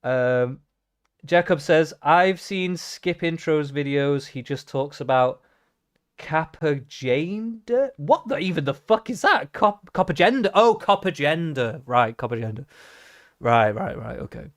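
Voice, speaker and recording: A man's voice: a little high, animated, unhurried, dry recording. Male streamer, profane reactive ranter, dry closeup sound. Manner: profane, ranting, mocking. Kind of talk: live reaction stream commentary.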